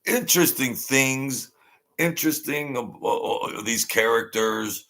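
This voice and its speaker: Gravelly, blunt rambling man. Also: mid-range voice, measured pace, sharp tone. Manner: blunt, rambling, repeats himself. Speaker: livestream host. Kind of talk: casual livestream chat.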